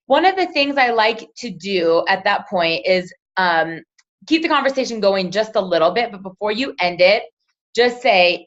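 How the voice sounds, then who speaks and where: A woman's voice: mid-range voice, expressive, normal speed. Chatty woman coaching a team, lo-fi. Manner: chatty, acts out sample chats in quoted voices, often asks "right?". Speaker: team leader coaching a sales team.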